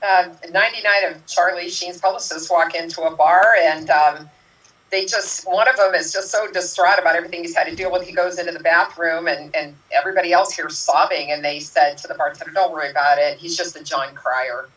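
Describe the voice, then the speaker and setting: A woman's voice: fairly low pitch, steady tone, a little fast, a bit bright, distant mic, rough recording. A woman improv player telling short comic bar jokes. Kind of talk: telling quick setup-punchline jokes.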